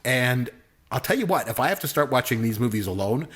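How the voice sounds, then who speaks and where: Animated joking man on a podcast. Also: mid-range voice, a little fast. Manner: joking, exaggerated complaints, animated. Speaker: podcast co-host; professor. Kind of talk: casual podcast movie review.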